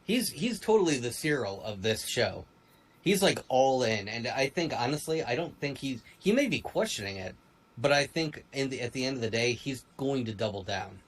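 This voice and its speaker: A man's voice: mid-range voice, low-quality recording. Chatty man with faint hum behind. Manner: rambling, animated, quick asides. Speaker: podcast co-host. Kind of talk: casual fan review chat.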